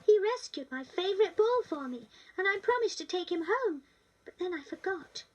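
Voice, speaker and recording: A woman's voice: very high voice, lively intonation, normal speed, distant mic, muffled recording. A woman voicing a lonely little city girl with a British accent, eager and pleading.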